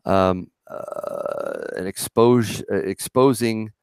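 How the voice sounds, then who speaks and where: Low-voiced man chatting on a livestream. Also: wildly swooping pitch, takes it slowly, creaky, darkish tone, smooth, dry recording, studio quality. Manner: chatty, laughs often, reads chat aloud. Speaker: livestream co-host. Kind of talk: casual live chat.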